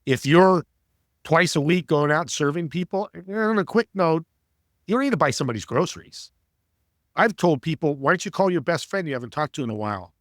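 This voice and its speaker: A man's voice: a little high, animated, fairly quick, a bit bright, no room sound, studio quality. A man who is an entrepreneur and podcast guest, telling stories in an earnest, preachy, motivational way. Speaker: entrepreneur and networking coach, guest. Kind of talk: interview storytelling.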